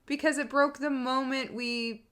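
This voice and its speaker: A woman's voice: medium pitch, animated, a bit bright. A young woman co-hosting a podcast in casual chat, recounting events with frequent laughter and quoted dialogue. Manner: laughs often, quick, storytelling, quotes others. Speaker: podcast co-host.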